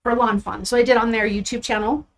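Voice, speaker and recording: A woman's voice: a little high, steady tone, quick pace, a little hiss or hum. Chatty woman crafting live on stream. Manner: chatty and upbeat, talks to viewers while handling supplies. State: a bit out of breath. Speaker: card-making crafter hosting a live stream. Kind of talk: casual live crafting chat.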